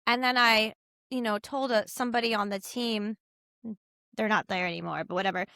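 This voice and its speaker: A young adult woman telling a personal story as a podcast guest, chatty and animated, full of "like" and "you know" and acted-out quotes of other people. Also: mid-range voice, a little fast, no room sound, clean studio sound. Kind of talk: casual storytelling in an interview.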